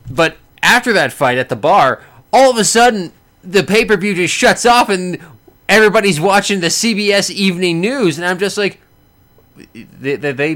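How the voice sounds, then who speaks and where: A man casually recapping a boxing match he watched, rambling with many restarts and bursts of excitement. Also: fairly high pitch. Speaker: boxing fan reviewing a fight.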